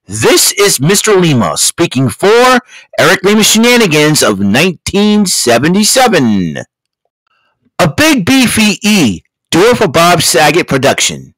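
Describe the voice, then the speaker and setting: A man voicing a grandiose male show announcer who declaims the sign-off loudly in a raised voice. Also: wildly swooping pitch, unhurried, dry recording, exaggerated voice, low-quality recording. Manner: loud, high, declaiming sign-off.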